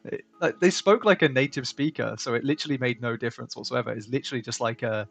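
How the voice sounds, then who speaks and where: A man's voice: medium pitch, fast, gravelly, a bit bright, dry recording. A man co-hosting a drawing live stream, chatting casually, laughing often and reading viewer comments aloud. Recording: faint background music.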